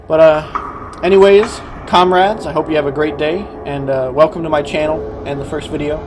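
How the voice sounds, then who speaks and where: A young man hosting his gaming channel, ranting in a profane, heated way that swings from mumbled asides to loud outbursts. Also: fairly high pitch, fairly even intonation, moderate pace. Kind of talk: casual ranting vlog.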